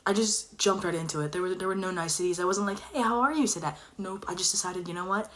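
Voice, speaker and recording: Speaking fast in a mid-range voice, a young woman tells a personal story in casual conversation. She's animated, dropping to a whisper when she wants to stress something.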